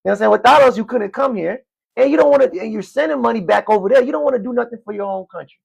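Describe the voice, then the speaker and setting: A man's voice: very high voice, very fast, vocal fry, breathy edge. A man hosting a live discussion, blunt and mocking, repeating phrases as he presses his point. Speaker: live stream host.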